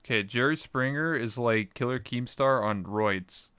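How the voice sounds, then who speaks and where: A man's voice: medium pitch, unhurried, clear, resonant tone, dry recording. Rambling chatty man, dry sound. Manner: rambling, animated storyteller full of fillers. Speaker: podcast participant. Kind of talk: casual online chat.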